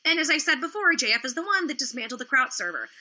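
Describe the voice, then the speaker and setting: She's a livestream host whose rant is full of indignation, sarcasm and swearing, though she sounds exhausted and low-energy. Her high voice is pushed and bright, with a sing-song lilt, and she talks fast.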